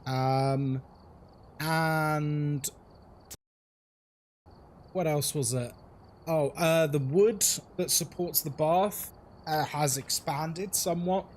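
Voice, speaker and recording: A chatty man hosts a live stream, greeting viewers one after another between casual asides and frequent laughs. His voice sits a little high for a man. A faint hum of ambience runs behind him. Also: fairly even intonation, very slow, long pauses. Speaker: horror game streamer.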